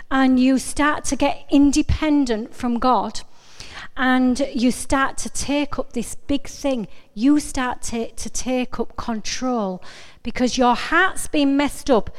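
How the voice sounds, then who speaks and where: A middle-aged woman giving an informal, earnest sermon, chatty and often breaking off to correct herself. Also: sits high. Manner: chatty, self-interrupting, earnest. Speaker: preacher. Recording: long reverb of a hall.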